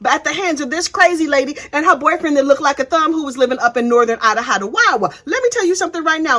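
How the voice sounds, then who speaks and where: A woman's voice: sits high, pushed and bright. A woman hosting true-crime commentary in a sassy, gossipy way, full of slang. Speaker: host.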